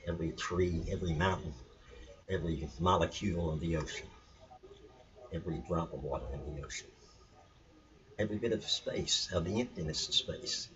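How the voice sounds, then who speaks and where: A man's voice: deep voice, far from the mic. A man teaching about scripture in an earnest, emphatic way that repeats its points. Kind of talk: spiritual teaching talk. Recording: dull lo-fi sound, mic set back.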